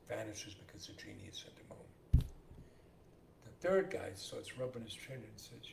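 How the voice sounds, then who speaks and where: A man's voice: fairly low pitch, unhurried, gravelly, long pauses. A man co-hosting a podcast, telling jokes in casual banter and acting out the characters in them. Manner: animated storyteller who acts out joke characters. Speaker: podcast co-host. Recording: roomy echo with faint hiss.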